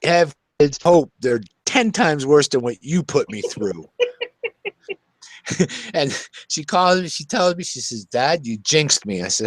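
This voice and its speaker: A man's voice: medium pitch, no echo. Older male host, folksy storyteller, laughs a lot, dry close sound. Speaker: show host. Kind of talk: casual talk show chat.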